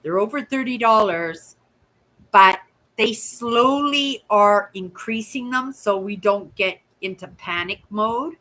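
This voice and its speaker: A woman's voice: medium pitch, takes it slowly, pushed and bright, rough recording. A woman, chatting casually as a channel host and telling stories with a running "right?". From Canada. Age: 60s. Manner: chatty storyteller, keeps asking "right?"; acts out voices in quoted dialogue. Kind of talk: casual live chat.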